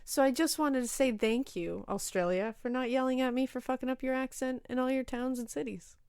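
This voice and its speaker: A woman co-hosting a podcast, talking in loose, animated chat. She swears freely and laughs often. The sound is dry and close, with no room around her voice. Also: sits high, brisk, clean tone, no room sound. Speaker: podcast co-host. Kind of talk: casual chat.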